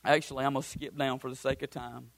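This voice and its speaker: A man's voice: mid-range voice, flat delivery, fast, creaky. A man preaching a sermon as pastor, building his points through repeated phrases and breaking into casual asides.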